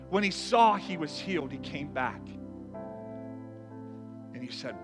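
A man preaching a sermon to a church congregation, animated, dropping to a hush and then rising to loud lines. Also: fairly high pitch, slow, long pauses, over loud music. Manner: animated, swings from hushed to loud acted quotes. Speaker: pastor.

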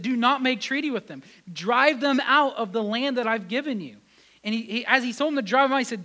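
A man preaching a sermon as pastor, animated, rising loud on key points and dropping to a quiet tone in reflective moments. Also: high voice. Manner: acts out biblical voices in his telling.

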